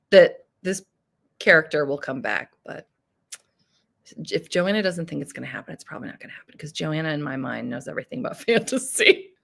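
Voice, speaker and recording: A woman's voice: lowish voice, a bit bright. Bubbly lady hosting a live chat, voice swoops up and down a lot, giggly. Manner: bubbly, laughs often, chats to viewers. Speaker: livestream host. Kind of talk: casual live chat reading comments.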